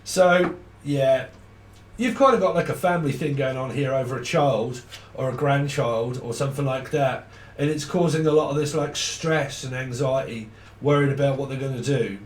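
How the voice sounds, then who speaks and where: A man's voice: medium pitch, moderate pace, distant mic. A man giving a casual, rambling tarot reading, swearing freely and laughing often. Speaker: tarot reader. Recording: roomy sound from off the mic.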